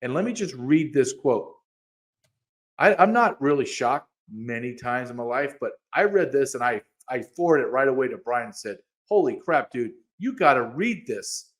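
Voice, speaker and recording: A man co-hosting a podcast in casual chat, animated and quick to get excited, sometimes reading quotes aloud. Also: mid-range voice. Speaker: podcast co-host.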